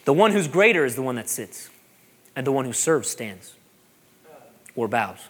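A man, a pastor preaching a sermon, animated and joking, repeating phrases for emphasis. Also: mid-range voice, normal speed, husky.

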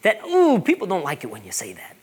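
A man, a pastor preaching a sermon, animated and joking, repeating phrases for emphasis. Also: sits high, fairly quick, slightly rough.

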